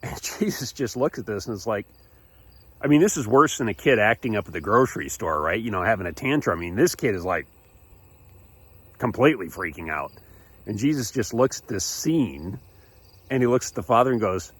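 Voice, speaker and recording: Kids church storyteller, man, lively pitch, lots of restarts and chuckles. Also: brisk, breathy edge. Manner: animated, frequent restarts, chuckles. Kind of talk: casual storytelling for children.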